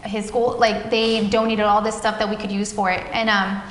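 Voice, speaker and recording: A woman's voice: medium pitch, normal speed. Woman telling a story in an echoey café. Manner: animated storytelling, acting out quoted dialogue. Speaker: guest, parent of a child with epilepsy. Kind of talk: casual interview conversation. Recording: echoey, reverberant café room with faint background noise.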